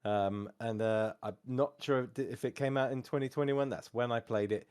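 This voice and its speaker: A man's voice: mid-range voice, steady tone, moderate pace, a little mellow, clean tone. A man co-hosting a podcast, chatting casually with many fillers and restarts. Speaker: podcast co-host. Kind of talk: casual chat.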